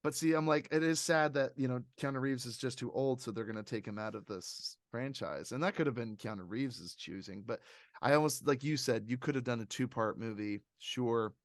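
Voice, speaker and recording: Animated man rambling about movies. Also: medium pitch, fairly quick, no room sound, clean studio sound. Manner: animated and rambling, laughs often. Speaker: podcast host. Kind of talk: casual movie review chat.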